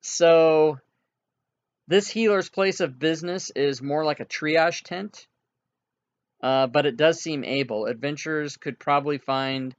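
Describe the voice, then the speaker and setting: Relaxed man running a tabletop game. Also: mid-range voice, dry recording. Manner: relaxed, reassuring, laughs easily. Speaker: game master. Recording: dull lo-fi dry recording.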